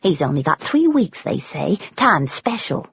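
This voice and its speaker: A fierce, bitter older American country woman, as a woman narrator puts her on in an audiobook. She speaks in clipped, accusing rural phrases, her husky voice leaping up and down in pitch. The sound is dull and dry. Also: sing-song, a little slow, no room sound, heavily acted.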